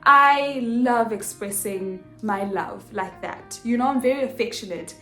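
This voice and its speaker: Woman, young adult, expressive storyteller, slightly high voice, echoey room. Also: measured pace. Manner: animated, expressive, acts out dialogue. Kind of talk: casual storytelling vlog. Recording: echoey room with faint music.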